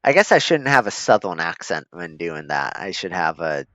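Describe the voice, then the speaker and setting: A man's voice: sits low, very animated, normal speed, fairly bright tone, no echo. A man giving laid-back, chuckling, self-deprecating commentary as he plays a strategy game. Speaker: gaming streamer. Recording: slightly dull lo-fi recording.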